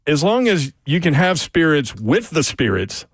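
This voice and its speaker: A man hosting a radio show, upbeat and quick to laugh in casual banter. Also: on the high side, very animated, slightly rough, dry recording, clean studio sound. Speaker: radio host.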